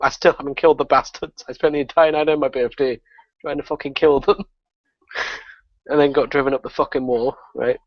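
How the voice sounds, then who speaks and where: A man swears his way through a gaming war story. He laughs at his own misfortune, his pitch sits in the middle, and the dry, dull audio has a lo-fi podcast quality. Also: a little fast, dry recording. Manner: profane, excitable storytelling with lots of laughter. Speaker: guest gamer. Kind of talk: casual podcast chat.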